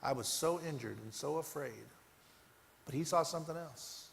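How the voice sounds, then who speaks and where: A man giving a motivational keynote, telling a personal story and swinging between loud bursts and hushed moments. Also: fairly high pitch, moderate pace, creaky, slight background noise. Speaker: keynote speaker. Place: large conference hall. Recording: echoey hall, faint ambience.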